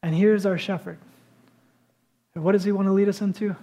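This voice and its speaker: A man preaching a sermon, conversational and animated, often dropping to a hush for emphasis. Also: high voice, brisk, a little hiss or hum. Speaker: pastor.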